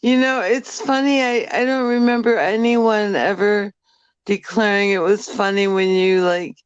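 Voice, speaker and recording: Slow-talking New woman, smooth voice. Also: medium pitch, steady tone, no echo, dull audio. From New York. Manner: chatty, reads out viewer comments. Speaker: livestream co-host. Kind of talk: casual chat.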